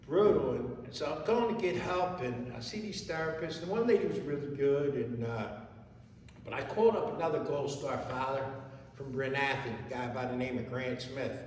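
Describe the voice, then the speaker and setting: Middle-aged Gold Star father, halting testimony, reverb-heavy distant hall sound with faint ambience. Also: mid-range voice, darkish tone, slight background noise. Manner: plain-spoken, halting, repeats words and restarts. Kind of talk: emotional personal testimony to an audience.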